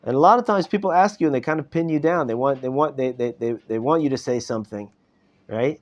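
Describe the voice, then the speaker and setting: A man's voice: mid-range voice, quick pace. A middle-aged man, a rabbi, teaching an informal Torah class in a conversational way, often checking in with "right?". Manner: conversational, repeats words and asks "right?" often. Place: classroom in a study hall. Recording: dull live class recording.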